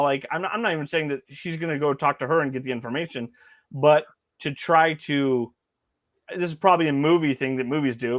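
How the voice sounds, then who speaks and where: A man with a somewhat high voice chats casually as a podcast co-host. He rambles, trips over his words and restarts often. The sound is dry and close with no room echo. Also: fairly bright tone. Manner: rambling, many restarts and fillers. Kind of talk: casual chat.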